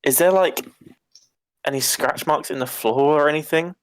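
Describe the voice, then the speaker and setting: A man's voice: fairly high pitch, normal speed, dry recording. A man playing a tabletop game, chatty and hesitant, often laughing. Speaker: player. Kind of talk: casual tabletop play.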